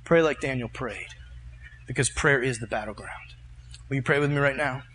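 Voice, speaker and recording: A man preaching a sermon, telling a personal story with fervent, animated delivery and leading a prayer. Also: medium pitch, normal speed, a little hiss or hum.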